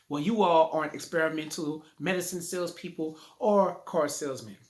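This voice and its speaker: A man giving a casual video lesson on public speaking from his living room, recorded on a phone in selfie mode, talking conversationally and playing with rhymes. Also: fairly high pitch. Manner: playful, conversational, rhyming catchphrases.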